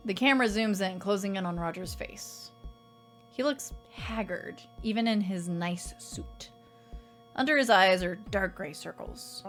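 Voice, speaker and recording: Woman streamer, reads horror story slowly in second person, quiet faint music behind. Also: mid-range voice, expressive. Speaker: streamer reading a visual novel.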